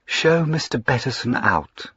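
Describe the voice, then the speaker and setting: A man reading aloud, voicing a proud, indignant young Georgian lady in a raised, crisp, haughty voice. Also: medium pitch, sing-song, unhurried, pushed and bright, dry recording, highs cut off, pitched above the performer's own voice, full character voice.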